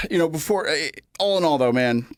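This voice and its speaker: A man's voice: on the high side, animated, moderate pace, no room sound, clean studio sound. A man co-hosting a wrestling podcast in casual chat, rambling and repeating himself as he talks. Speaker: podcast co-host.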